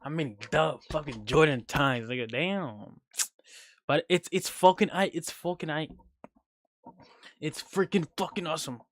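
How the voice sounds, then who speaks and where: Male streamer, a bit high-pitched, sleepless, profane, jumps between hype and mumbles; dry booth sound. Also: measured pace, long pauses, dry recording. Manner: swings from loud hype to low mumbling asides. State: sleep-deprived. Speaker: streamer reacting to videos. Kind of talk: casual, profane livestream chat.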